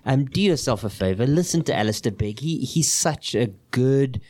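A man's voice: medium pitch, animated, normal speed, darkish tone. A man hosting a casual Bible discussion, talking with animation and restarting his phrases often. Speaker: host of a Christian discussion podcast.

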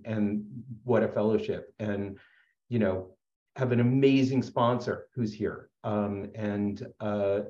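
A man's voice: lowish voice, dark tone, roomy sound, lo-fi sound. A man sharing his story at a support meeting, earnest and rambling, with many fillers and restarts. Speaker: speaker sharing at a recovery meeting. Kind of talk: personal share at a support meeting.

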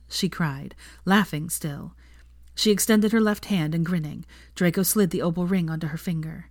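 A woman reading fan fiction aloud with steady, even storytelling narration. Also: on the low side, moderate pace, dry recording, studio quality. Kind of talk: audiobook narration.

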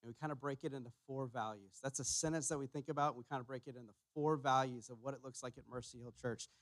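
A man preaching a sermon as pastor, emphatic, repeating his key phrases and pushing louder on each point. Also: mid-range voice, steady tone, fast, no room sound. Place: church sanctuary.

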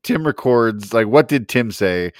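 Male co-host, lively pitch swings, medium-low voice, dry close mic, laughs easily. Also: unhurried, dry recording. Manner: animated, laughs often, swears casually. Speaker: podcast co-host. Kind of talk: casual chat.

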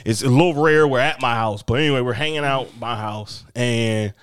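A man casually telling a funny story on a podcast, animated and often laughing as he acts out what others said. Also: medium pitch, brisk, clean tone, no room sound, clean studio sound. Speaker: podcast host.

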